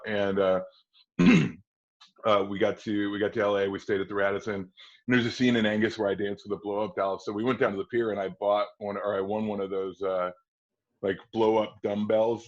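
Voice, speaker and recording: A man's voice: lowish voice, moderate pace. A man in his forties from Wisconsin, guesting on a podcast and telling a long anecdote, acting out the voices of the people in it. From Kenosha, Wisconsin. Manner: lively raconteur who acts out quoted voices and laughs often. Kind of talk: anecdotal storytelling. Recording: dull lo-fi podcast audio.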